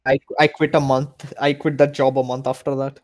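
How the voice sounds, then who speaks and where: A man's voice: mid-range voice, level tone, moderate pace, a little mellow. A man co-hosting a podcast in casual chat, talking with hesitant, stammering restarts. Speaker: podcast co-host.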